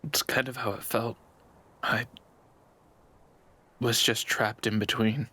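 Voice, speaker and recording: A man role-playing his character in a tabletop game, speaking in an earnest, halting way. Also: mid-range voice, little pitch movement, sharp tone, slightly rough. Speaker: player.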